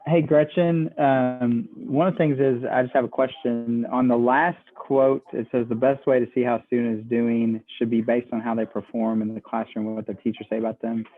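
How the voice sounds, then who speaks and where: A man's voice: medium pitch, level tone, normal speed, few pauses. A man in a group meeting asking a tentative question, hedging and repeating himself. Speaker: meeting participant. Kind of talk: online group meeting discussion. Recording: tinny phone line.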